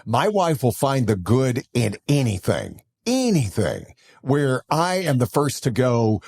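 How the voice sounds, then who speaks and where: A man hosting a casual podcast interview, speaking in an earnest, expressive way. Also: slow pace, no room sound, studio quality. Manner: expressive, earnest, wide swings in pitch. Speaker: podcast host.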